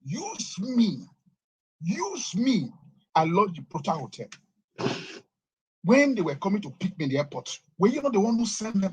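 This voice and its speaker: Nigerian-accented pastor, indignant preaching rant, lively swooping pitch. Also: male voice, normal speed, long pauses, breathy edge, low-quality recording. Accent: Nigerian English. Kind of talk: angry rant played on a talk show.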